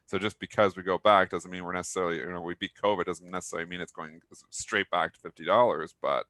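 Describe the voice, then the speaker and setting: A man co-hosting a pre-market stock show, chatting casually with animated, joking banter. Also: deep voice, fast, dry recording.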